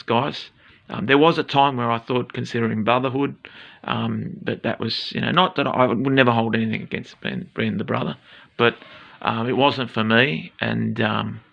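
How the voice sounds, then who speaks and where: A rambling Australian man in his forties speaks to camera with a gravelly, tense edge. He swears freely and drifts through fillers and restarts. The recording sounds dull and lo-fi. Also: mid-range voice, a bit bright. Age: 40s. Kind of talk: casual address to camera.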